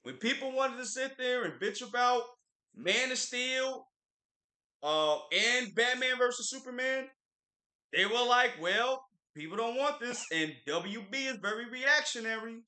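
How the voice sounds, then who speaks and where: A man co-hosting a livestream, chatting in an opinionated, emphatic way. His voice sits high and swings a lot, with a very bright, sharp edge. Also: unhurried, roomy sound. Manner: animated, opinionated, repeats words for emphasis. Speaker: livestream co-host. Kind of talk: casual pop-culture chat.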